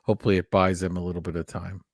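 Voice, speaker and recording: Easygoing man with a low voice. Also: little pitch movement, very fast, dry recording, clean studio sound. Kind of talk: casual chat.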